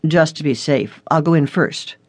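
A narrator voicing a stern male police detective in an audiobook story, reading his lines in a measured, serious way. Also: medium pitch, husky, dry recording, close to an everyday voice. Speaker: detective character.

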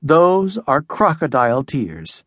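A firm, no-nonsense mom in a children's storybook, as a man narrator puts her on. She speaks in a lively, measured way, recorded close and dry. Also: on the high side, no echo, heavily acted. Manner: firm, matter-of-fact. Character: firm, patient suburban mom.

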